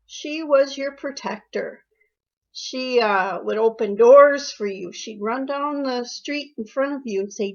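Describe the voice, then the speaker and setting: Heard on a dull lo-fi recording, an older woman with a high, creaky voice and a measured pace reminisces about her daughter. As the interviewee, she recounts family stories with fond, emotional warmth and keeps repeating phrases.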